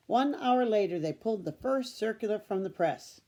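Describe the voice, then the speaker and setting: A woman reading a children's chapter book aloud in a steady storytelling manner. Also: mid-range voice, moderate pace, few pauses. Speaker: storybook reader.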